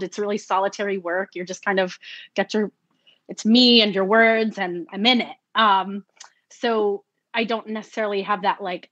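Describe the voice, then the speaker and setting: A lively woman narrator talks shop in an interview, slipping into little acted-out quotes of herself and laughing often. Her voice sits at a middle pitch and sounds dry and close, with no room around it. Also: no room sound. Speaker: audiobook narrator. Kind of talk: conversational interview.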